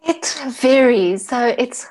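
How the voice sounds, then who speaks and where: A woman from South Africa, a podcast guest talking in a relaxed, expressive way and laughing easily. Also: fairly high pitch, slow pace, faint music behind. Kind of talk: casual interview chat.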